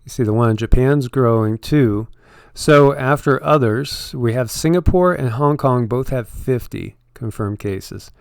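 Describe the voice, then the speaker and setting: Rambling man with a smooth, dry voice. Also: mid-range voice, a little slow, no room sound. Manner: rambling, filled with "you know" and restarts. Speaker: channel co-host commenting on news. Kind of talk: casual commentary over on-screen news.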